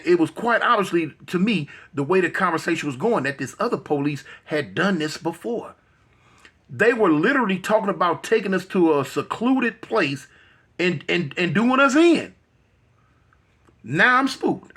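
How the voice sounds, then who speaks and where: Husky high-voiced Los man. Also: expressive, moderate pace, a bit bright. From Los Angeles. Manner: vivid retelling that acts out the voices of others; repetitive, with frequent restarts and slang. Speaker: guest. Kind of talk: animated storytelling in an interview.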